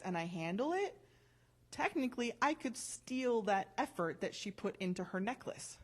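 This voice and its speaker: A woman's voice: medium pitch, lively intonation, normal speed. A woman giving a conversational testimony in church, talking from notes, correcting herself and reading scripture aloud.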